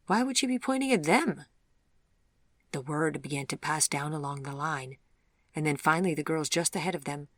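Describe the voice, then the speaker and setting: A woman narrating a fairy-tale audiobook in a measured, even storytelling manner. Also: low voice, dry recording. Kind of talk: scripted narration.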